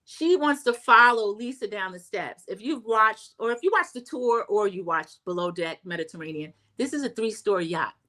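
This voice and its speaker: A woman's voice: animated, moderate pace, hardly any pauses, sharp tone. Middle-aged woman, drawl, casual recap host, chatty, mimics quotes. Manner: chatty, acts out quotes in a high voice, says "y'all".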